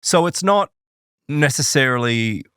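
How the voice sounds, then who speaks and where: A man in easy podcast banter who keeps jumping in with questions. His pitch moves a lot, and he is recorded close with no room sound. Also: lively intonation, a bit bright, clear, resonant tone, no echo. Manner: chatty, quick to jump in with questions. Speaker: podcast co-host. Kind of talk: casual conversation.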